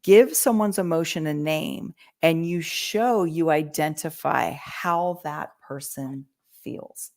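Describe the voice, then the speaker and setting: A woman talking through communication skills on a podcast, teaching in a lively way and acting out quoted lines. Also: low-pitched, takes it slowly. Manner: animated teaching, acts out quoted voices. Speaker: real estate agent. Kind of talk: podcast conversation, coaching.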